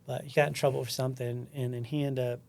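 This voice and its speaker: A man's voice: mid-range voice, quick pace, creaky, slight background noise. Man telling stories with laughter. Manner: laughing, animated storyteller. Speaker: sergeant, academy trainer. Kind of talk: casual storytelling chat.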